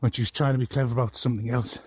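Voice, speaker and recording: A man's voice: mid-range voice, steady tone, rapid-fire, darkish tone, breathy edge, no echo. A man ranting angrily to the camera in a rambling, profane, aggrieved way. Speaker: vlogger. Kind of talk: angry personal rant.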